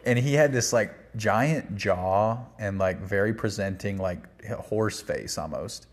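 A man's voice: fairly low pitch, measured pace. A man giving a casual, rambling spoken movie review, full of fillers and restarts. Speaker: film reviewer.

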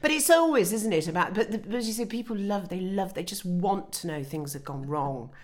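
A middle-aged woman, a former newsreader and podcast co-host, telling animated anecdotes and acting out quotes. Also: mid-range voice, fairly quick. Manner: animated storyteller, acts out quotes. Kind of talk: casual chat, anecdotes.

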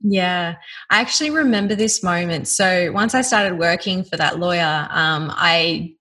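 A woman in her thirties with an Australian accent, telling her personal story in a lively way and laughing often. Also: lowish voice, a little slow, rough recording.

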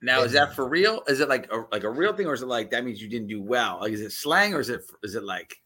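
Animated, bright-voiced male co-host. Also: mid-range voice, quick pace, breathy edge. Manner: rambling, lots of restarts, animated. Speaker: podcast co-host. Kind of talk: casual chat.

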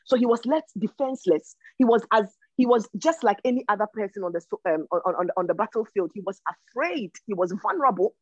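A woman's voice: medium pitch, expressive, a little fast, few pauses, no echo, highs cut off. A woman teaching from the Bible in a sermon style. She reads verses aloud, then explains them with emphasis and often repeats words as she thinks.

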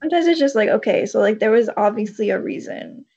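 A woman's voice: medium pitch, animated, fast, warm tone. A woman co-hosting a podcast, speaking in a reflective way and using lots of fillers. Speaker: podcast co-host. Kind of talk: casual chat. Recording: dull lo-fi mic.

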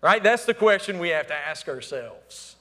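A man preaching a sermon as pastor, asking the congregation to fill in words and swinging between emphatic calls and hushed, near-whispered lines. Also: sits high, lively intonation, normal speed. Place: church sanctuary. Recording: long hall reverb.

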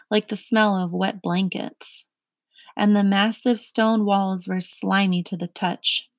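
A woman reading a children's storybook aloud in slow, careful narration. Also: medium pitch, no room sound. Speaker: reader.

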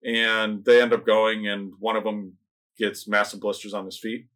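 A man's voice: fairly low pitch, moderate pace. A man in casual chat, rambling through movie plots and acting out lines from them. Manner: rambling, animated retelling of plots, acts out lines. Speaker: podcast co-host reviewing movies.

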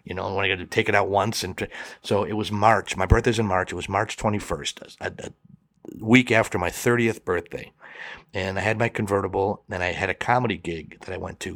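A man's voice: lowish voice, a bit bright, dry recording, studio quality. A man telling a personal story in conversation, acting out both sides of the dialogue.

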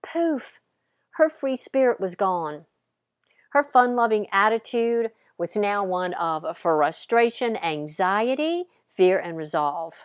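A woman's voice: medium pitch, animated, takes it slowly, clear, resonant tone, no room sound, clean studio sound. A woman hosting a podcast, telling a story playfully and dramatically with voiced characters. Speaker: podcast host. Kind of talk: storytelling monologue.

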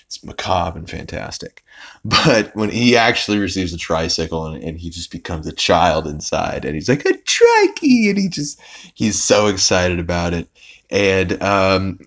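A man's voice: low voice, moderate pace, a bit bright. A young man hosting a podcast, recapping an episode in a rambling, casual way with lots of fillers and restarts. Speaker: podcast host.

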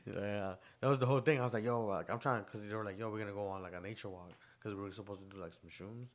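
A man's voice: lowish voice, steady tone, fast talker. A young man co-hosting a podcast, telling rambling stories in casual chat with lots of slang and laughter. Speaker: podcast co-host.

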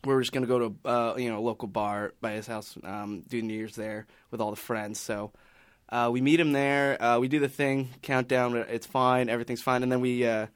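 Male podcast panelist, mid-pitch, casual rambling storyteller, dry sound. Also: fairly even intonation, a little fast, clean tone, dry recording. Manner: rambling, many restarts and fillers.

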